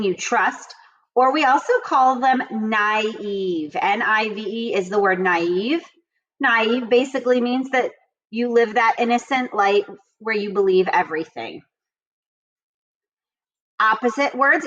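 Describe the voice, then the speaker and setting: A woman teacher reading vocabulary words, definitions and example sentences to children, and repeating the sentences slowly and with emphasis. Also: mid-range voice, fairly bright tone. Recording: dull lo-fi home recording.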